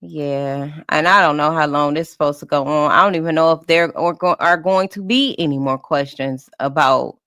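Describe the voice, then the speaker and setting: A woman's voice: sits low, normal speed, hardly any pauses, a bit bright, smooth, no room sound, clean studio sound. A woman streamer giving blunt, profane, offhand commentary while reacting to an interview.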